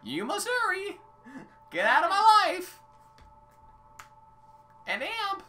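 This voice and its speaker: A man voicing a melodramatic, heartbroken temple spirit in a high, theatrical, grandiose voice. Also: big pitch swings, takes it slowly, sharp tone, recorded from a distance, exaggerated voice. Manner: overwrought, grandiose.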